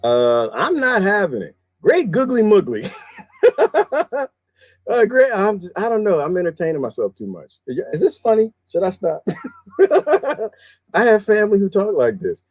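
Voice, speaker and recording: A man's voice: high-pitched, wildly swooping pitch, a little slow, no echo. A middle-aged man with a Southern US accent, chatting casually on a livestream and laughing often as he reads lists aloud. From American South. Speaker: livestream host.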